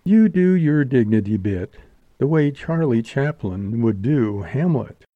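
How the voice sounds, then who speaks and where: A man's voice: medium pitch, animated, a little slow, no echo, phone-quality sound. A man voicing a languid, wisecracking young showgirl in an audiobook, with a drawling purr. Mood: teasing. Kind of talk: audiobook character voice.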